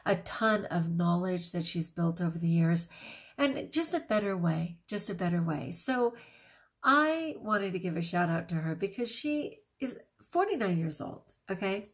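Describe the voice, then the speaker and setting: A woman's voice: on the low side, lively intonation, measured pace. A woman in her sixties chatting casually to camera as a vlogger, gushing and laughing often, with plenty of fillers. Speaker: vegan vlogger.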